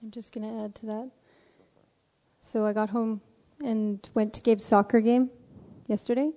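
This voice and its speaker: A woman speaking in a church service, telling a personal story in an animated way and acting out the voices in it. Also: on the high side, unhurried. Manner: animated storytelling with acted quotes. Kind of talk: sermon testimony. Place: church sanctuary. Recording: reverberant church hall.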